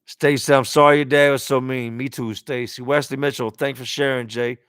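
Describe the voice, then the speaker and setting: A man's voice: medium pitch, fairly even intonation, fairly quick, fairly bright tone, clear, resonant tone, no echo, studio quality. A man hosting a live stream, reading out viewer comments and talking candidly and emotionally. He speaks casually and bluntly, swearing at times and repeating words as he searches for them.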